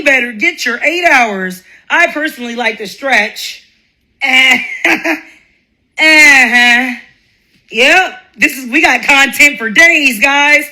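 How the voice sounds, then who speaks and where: Bright-voiced woman telling a crude story. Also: high voice, slow. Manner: animated, laughing often, profane and blunt. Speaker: live-stream host. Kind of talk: casual live-stream storytelling.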